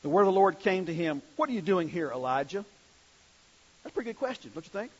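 A man's voice: high voice, big pitch swings, fast talker, breathy edge, muffled recording. A male preacher giving a sermon in a conversational way, asking the congregation questions as he reads scripture.

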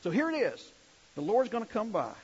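A man's voice: sits high, huge pitch swings, a little fast, breathy edge, lo-fi sound. A male preacher giving a sermon in a conversational way, asking the congregation questions as he reads scripture.

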